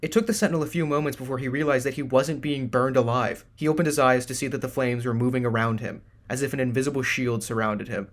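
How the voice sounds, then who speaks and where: A man narrating a fantasy audiobook in a measured, even reading. His voice sits at an ordinary, middle pitch.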